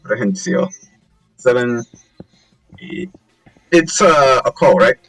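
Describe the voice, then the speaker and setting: A man's voice: mid-range voice, expressive, slow pace. A man playing a character in a tabletop game, talking in a casual, joking way. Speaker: player. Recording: distant from the mic, faint music.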